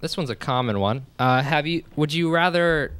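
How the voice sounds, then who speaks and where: A man's voice: on the high side, moderate pace, a bit bright, a little hiss or hum. A man hosting a casual comedy radio chat, reading would-you-rather questions from his notes and laughing often. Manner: giggly, reads questions from notes.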